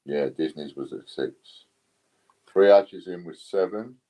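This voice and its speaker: A British man hosting a casual live stream, relaxed as he counts down bids. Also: low-pitched, a little slow, low-quality recording. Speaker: live stream host running coin auctions.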